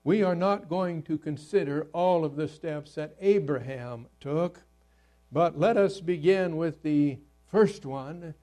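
A man preaching a sermon, reading scripture aloud and explaining it in an earnest, deliberate way. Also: high-pitched, darkish tone.

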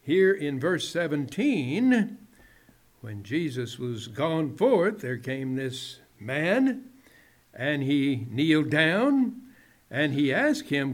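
Male preacher, high voice, unhurried delivery, phrase endings trail low and soft. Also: sing-song. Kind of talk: sermon.

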